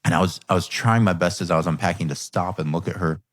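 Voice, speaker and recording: A man's voice: deep voice, steady tone, fast, no room sound, studio quality. A man hosting a coaching podcast, telling a personal story in a candid, reflective way. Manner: candid, reflective, quotes his own thoughts. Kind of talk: earnest conversational storytelling.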